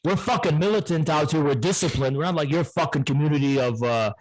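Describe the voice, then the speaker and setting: A man's voice: a little high, fast talker, low-quality recording. A man in a heated online debate, ranting aggressively with constant profanity and repetition. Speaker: debate guest.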